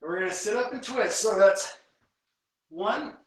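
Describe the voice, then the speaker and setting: A man's voice: sits high, unhurried, recorded from a distance. A man who works as a strength coach, leading a live workout at home and counting reps aloud while he explains form step by step. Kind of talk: live guided workout instruction. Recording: very echoey room, voice from away from the mic.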